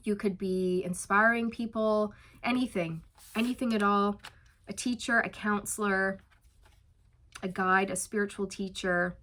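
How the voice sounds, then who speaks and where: A woman's voice: medium pitch, fairly even intonation, fairly bright tone. Chatty, encouraging woman tarot reader. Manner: chatty and encouraging, many fillers and light laughs; slows down for emphatic reassurances. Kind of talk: casual spoken tarot reading.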